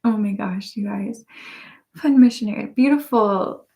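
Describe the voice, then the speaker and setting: Giggly soft-spoken woman ASMR host. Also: medium pitch, measured pace. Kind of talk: live stream chat, reading viewer comments aloud. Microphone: binaural microphones.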